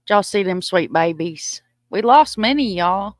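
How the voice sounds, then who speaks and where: A woman's voice: medium pitch, lively intonation, a little slow, soft background music. A woman hosting a casual livestream chat, folksy and joking. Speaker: livestream host.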